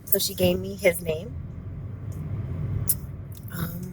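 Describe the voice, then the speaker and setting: A woman in her thirties telling a personal story to camera, candid and expressive, repeating words for emphasis. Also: on the low side, slow, noisy background. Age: 30s. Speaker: vlogger.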